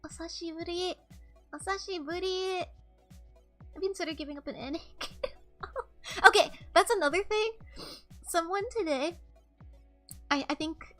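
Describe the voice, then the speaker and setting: A young woman with a high, light voice chats on a livestream, rambling through candid, offhand stories and swearing freely. Soft music plays quietly behind her. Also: normal speed, long pauses. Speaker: streamer. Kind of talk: casual livestream chat. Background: faint background music.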